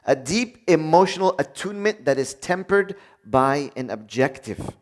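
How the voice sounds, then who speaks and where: A man delivering a sermon with a lively, swooping delivery that sits a touch high for a male voice. He acts out quick back-and-forth dialogues and jokes with the congregation. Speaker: preacher.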